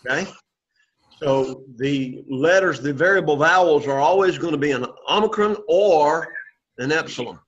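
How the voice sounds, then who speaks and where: A man's voice: fairly high pitch, normal speed, lo-fi sound. A man teaching a Greek class, explaining patiently and checking in with "okay?" after each point. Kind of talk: classroom lesson.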